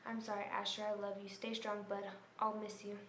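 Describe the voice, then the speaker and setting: Hopeless teen girl saying sorry over and over, halting, flat delivery, a woman reading it out, echoey room. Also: medium pitch, heavy background noise, natural voice. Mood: despairing. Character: despairing teen girl recording a goodbye.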